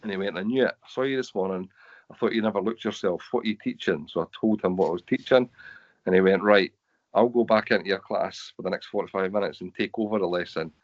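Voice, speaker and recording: A man with a Scottish accent and a low-sitting voice talks at a quick pace over a video call microphone that cuts off the highs. As a webinar speaker sharing lived experience, he tells earnest personal stories with quoted dialogue in an online talk.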